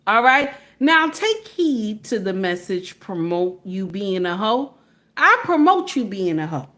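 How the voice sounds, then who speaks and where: A woman's voice: medium pitch, big pitch swings, a little slow, a bit bright. A woman giving emphatic, preachy casual commentary to her viewers, repeatedly checking in with "okay?".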